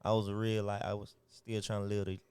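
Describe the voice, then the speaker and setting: A man's voice: lowish voice, monotone, fast talker, a little mellow, smooth, no echo. A young man from Atlanta with an Atlanta accent, a rapper giving laid-back, slangy answers in an interview. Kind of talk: casual interview chat.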